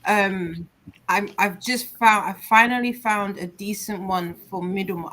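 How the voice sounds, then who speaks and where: A woman's voice: mid-range voice, unhurried, sharp tone. A woman chatting casually about audiobooks on a book club livestream, rambling and searching for words. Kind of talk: casual chat.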